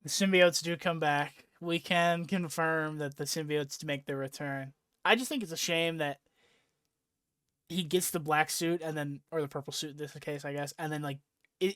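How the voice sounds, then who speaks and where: A man's voice: on the high side, steady tone, moderate pace, a bit bright, smooth, no echo, studio quality. A young man hosting a casual podcast chat, rambling with lots of fillers and swearing freely as he recaps a story. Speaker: podcast host.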